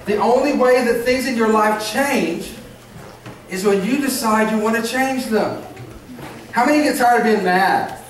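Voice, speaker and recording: A man's voice: very high voice, moderate pace. A man preaching a sermon as lead pastor, earnest and repetitive, urging and making promises to his congregation. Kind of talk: sermon to children and adults. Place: church sanctuary. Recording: echoey church hall, mic at a distance.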